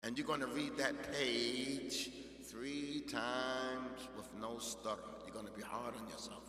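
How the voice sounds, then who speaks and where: A man preaches in a mosque hall, his voice bright and forceful, ringing with a long echo. He swings from loud, emphatic exhortation down to quiet asides. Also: medium pitch, steady tone, a little slow. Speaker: imam giving a Friday sermon. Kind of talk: sermon. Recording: echoey hall reverb.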